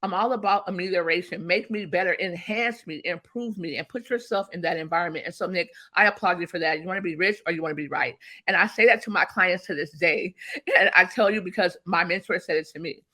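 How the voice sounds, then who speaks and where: A woman guest, a business strategist, talking emphatically and telling animated stories in an interview. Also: lowish voice, quick pace. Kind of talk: motivational interview talk.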